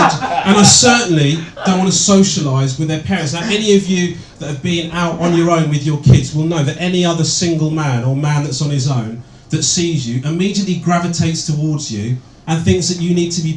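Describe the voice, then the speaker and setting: A man doing a stand-up comedy set, deadpan and sardonic, with plenty of swearing. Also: a little high. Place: small comedy venue, indoors, with audience. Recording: echoey room, distant, loud noise. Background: audience laughter.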